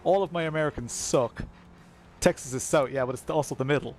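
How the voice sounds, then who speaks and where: A man's voice: a little high, brisk, a little mellow, slight background noise. Laughing sim-racing streamer man. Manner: rambling, laughs often, self-mocking. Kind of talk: casual live-stream chat. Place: home at night, kids asleep upstairs.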